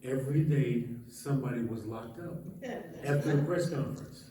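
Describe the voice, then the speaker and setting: A man's voice: medium pitch, moderate pace, warm tone, a little hiss or hum. A man, a former police chief, telling a humorous story to an audience at a church meeting, laughing often and acting out the quoted dialogue. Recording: echoey hall from far off.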